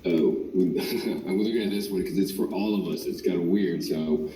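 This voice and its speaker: A man's voice: sits low, normal speed, mellow, echoey room, poor audio. A man co-moderating a panel, casually reading audience questions.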